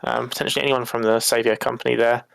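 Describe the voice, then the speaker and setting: A man with a gravelly, creaky voice muses through his party's choices, weighing one option against another. It is recorded on a dry, close mic with no room sound. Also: mid-range voice, flat delivery, fast talker, a bit bright, no room sound. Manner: thinks aloud, weighing options. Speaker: tabletop game player. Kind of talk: casual chat about game strategy.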